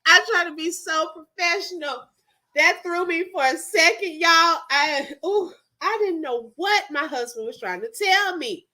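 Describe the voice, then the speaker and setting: Speaking a little slowly in a very high-pitched voice, this livestream host runs a casual live chat. She tells a lively story, laughing frequently and addressing her chat.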